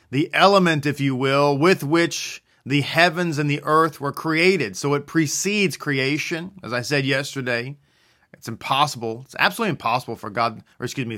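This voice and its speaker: Man, religious teaching, bright forceful tone, slightly high, asks and answers his own questions.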